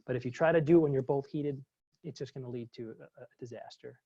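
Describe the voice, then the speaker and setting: A man's voice: mid-range voice, fast talker, warm tone, breathy edge, dry recording, muffled recording. A man, a former psychologist, presenting a webinar and answering questions in a chatty way, full of fillers and restarts.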